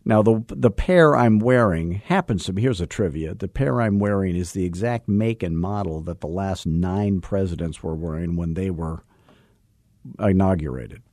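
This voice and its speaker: A man in his sixties with a fairly low voice spins a meandering radio story, stopping and restarting often. He acts out both sides of a conversation. The studio sound is close and completely dry. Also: normal speed, darkish tone, no room sound. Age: 60s. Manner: rambling anecdotes with acted-out dialogue and many restarts. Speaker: real estate sales coach, show host. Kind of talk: casual storytelling on a radio talk show.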